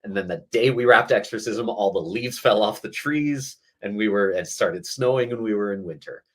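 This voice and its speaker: A man from New Mexico, a film director guest in an interview, telling stories in a lively way with many fillers. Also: fairly low pitch, normal speed. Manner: animated storyteller with many fillers. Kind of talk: interview conversation.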